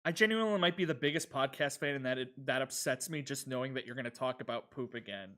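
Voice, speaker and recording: Here the streamer's voice is medium in pitch, fast, pushed and bright. As he works through a retro game, he keeps up a rambling running commentary, muttering to himself and chatting with viewers.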